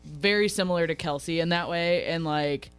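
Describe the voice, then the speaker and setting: A woman's voice: on the low side, moderate pace, clear, resonant tone, soft background music. A woman co-hosting a radio show, chatting casually and animatedly about a reality show. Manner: animated, acts out others' lines in quotes. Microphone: studio radio mic.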